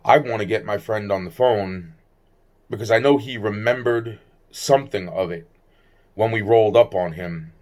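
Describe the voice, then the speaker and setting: Man, lowish voice, rambling agitated storyteller, swears constantly, trails off and restarts. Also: normal speed, darkish tone. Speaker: vlogger recounting personal experiences. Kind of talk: rambling personal storytelling monologue.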